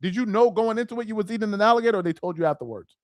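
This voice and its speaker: A man's voice: high voice, very fast, darkish tone, no echo. A man hosting a casual live stream, chatting animatedly and reacting to viewer comments. He laughs easily and often repeats himself. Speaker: live stream host reading viewer chat.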